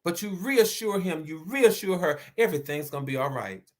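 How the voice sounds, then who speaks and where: A man's voice: a little high, lively intonation, normal speed. A man from the American South with a Southern accent, hosting a motivational live-stream talk, earnest and repeating his key phrases. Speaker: host.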